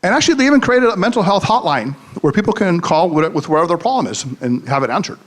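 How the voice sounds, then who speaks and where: Pitched high, very animated and fast, a man who is a psychologist and podcast host gives a live comedic talk meant to motivate. He tells jokes, shares anecdotes and quizzes the audience.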